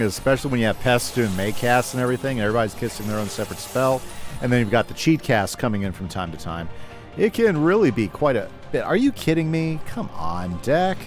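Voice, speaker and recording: A man casually chatting with his live chat while playing a game, reading comments aloud and talking through his moves. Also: medium pitch. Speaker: gaming livestreamer.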